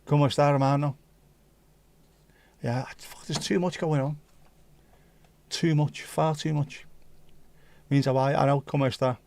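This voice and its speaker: A man's voice: fairly high pitch, fairly even intonation, a little slow, creaky, long pauses, darkish tone. A man hosting a casual livestream, reading out viewer comments with jokey banter and slipping into bits of Dutch and Spanish. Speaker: livestream host.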